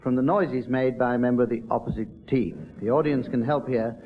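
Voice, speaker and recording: A man chairing a comedy quiz show before a live audience, with dry, deadpan asides. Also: mid-range voice, fairly quick. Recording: dull old radio recording with loud audience. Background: studio audience laughter.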